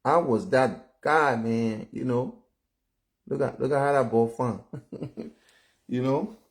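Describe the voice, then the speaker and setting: Taking things slowly in a mid-range voice, a Liberian man in his fifties shares casual opinions on his vlog in a Liberian English accent. His style is blunt and chatty, peppered with check-ins like "you know?" and "all right?".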